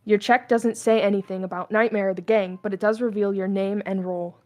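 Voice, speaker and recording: A guarded, bitter young skeleton soldier gives low, commanding orders, as a woman reads his lines aloud. The voice stays close to plain reading, with no heavy character put on. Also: fairly even intonation, a little fast, darkish tone, faint music behind, natural voice. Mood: instructing.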